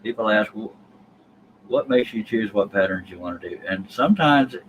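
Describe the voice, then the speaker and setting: A man's voice: lowish voice, expressive, normal speed, slight background noise, poor audio. A man hosting a live stream, chatting casually and joking with viewers in a folksy way. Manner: folksy, jokey, addresses chat viewers.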